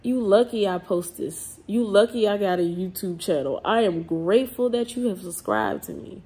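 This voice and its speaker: A woman's voice: mid-range voice, animated, normal speed, few pauses, warm tone, slightly rough. A woman, ranting bluntly in an unscripted vlog, full of swearing and slang. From New Orleans. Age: 30s. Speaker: vlogger.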